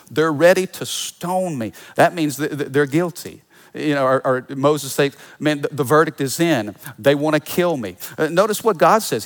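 A male pastor preaching a sermon in a conversational way, with restarts and asides to the congregation. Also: fairly high pitch.

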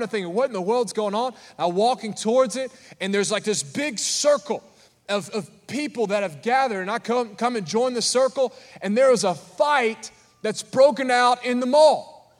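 A man preaching a sermon to a congregation, telling a story with humor and calling out to the listeners. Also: sits high. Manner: animated, calls out to the congregation. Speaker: pastor. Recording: long reverb of a large hall.

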